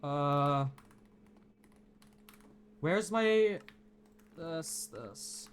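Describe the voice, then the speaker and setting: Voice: mid-range voice, expressive, slow, long pauses, fairly bright tone. A streamer giving frantic live commentary during a game, swearing and mocking their own mistakes. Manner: frantic, swearing, self-deprecating outbursts. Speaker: streamer playing in a tournament.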